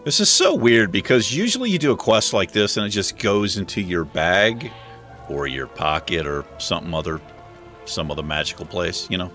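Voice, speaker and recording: A man's voice: sits low, very animated, normal speed, sharp tone, faint music behind. A man casually commenting on his gameplay as host, swearing freely and joking sarcastically. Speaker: gaming host. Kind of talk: let's play commentary.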